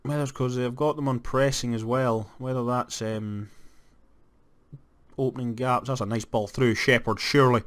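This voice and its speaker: A young Scottish man giving casual let's-play commentary on a football management game, moving from flat disappointment to excited shouts. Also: medium pitch, moderate pace. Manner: animated, jumps to excited shouts at goals. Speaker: gaming commentator.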